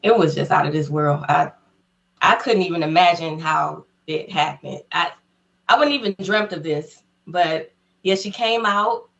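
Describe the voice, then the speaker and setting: This is a woman with a somewhat low-pitched voice, chatting as a guest in an interview. She tells her story eagerly and casually, with frequent laughs, and acts out each quote in a raised voice. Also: animated, unhurried, creaky, fairly bright tone, muffled recording. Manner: laughs often between phrases.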